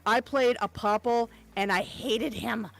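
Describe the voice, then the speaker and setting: A woman's voice: on the high side, a little slow, creaky, a bit bright, heavily acted. A woman doing a fond, drawling impression of an older male voice actor.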